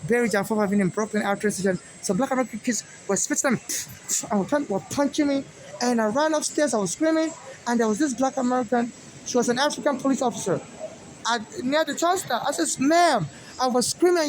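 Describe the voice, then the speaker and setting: High-voiced man with a Nigerian accent. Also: quick pace, a little hiss or hum. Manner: agitated, rambling, many fillers and restarts. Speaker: activist vlogger. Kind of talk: monologue to camera.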